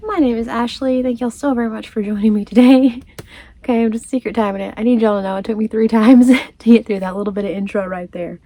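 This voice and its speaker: A woman's voice: fairly high pitch, quick pace, mellow. Chatty woman rambling to camera. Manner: chatty, rambling, laughs often. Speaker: crochet vlogger. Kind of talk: casual chat.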